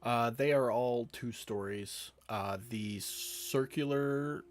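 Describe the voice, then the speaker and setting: A man acting as game master, unhurried, describing scenes with pauses. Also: mid-range voice. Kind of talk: running a tabletop game.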